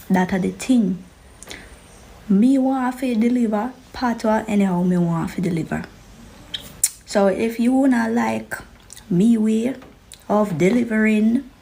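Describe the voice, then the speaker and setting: Jamaican woman, unbothered patois, slow, low warm fry. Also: slight background noise, low-quality recording. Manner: defiant, dismissive in patois. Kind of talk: social media clip.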